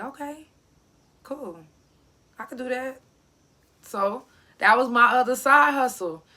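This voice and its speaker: Animated, bright-voiced woman telling a story. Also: medium pitch. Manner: animated, profane, acts out quoted voices. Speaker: podcast guest telling her story. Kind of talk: casual storytelling.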